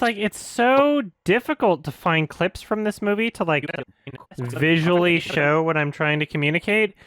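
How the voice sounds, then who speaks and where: A frustrated man rants as he edits a film review, his voice swinging wildly between low grumbles and high, outraged cries. He drags his words out slowly and laughs in disbelief. The sound is dry and close. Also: a bit bright, no echo. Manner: frustrated, laughing, pitch jumps up when outraged. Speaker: video reviewer. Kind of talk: exasperated ranting while editing.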